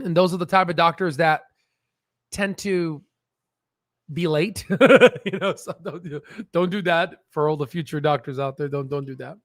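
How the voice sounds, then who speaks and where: High-voiced rambling man, dry close sound. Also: fairly bright tone, no room sound. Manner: rambling, profane, laughs at own jokes. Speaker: stock research channel host. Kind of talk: casual off-the-cuff explainer. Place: at a standing desk.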